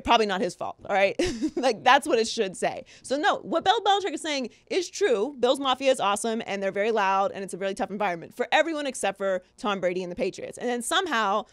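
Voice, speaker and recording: A woman's voice: mid-range voice, lively intonation, fairly quick, no room sound. A woman co-hosting a sports podcast, talking in a casual, opinionated and sarcastic way. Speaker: podcast co-host.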